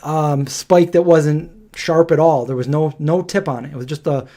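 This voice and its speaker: A man's voice: a little high, normal speed. A man, hosting a live stream and telling a rambling story, laughing as he goes. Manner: rambling and animated, laughing through his stories.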